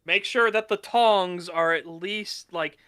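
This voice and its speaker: A man's voice: sits high, slow pace, bright, forceful tone, smooth, dry recording. A man chatting casually as a podcast guest, making dry sarcastic jokes and slipping into mock voices. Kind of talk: casual chat.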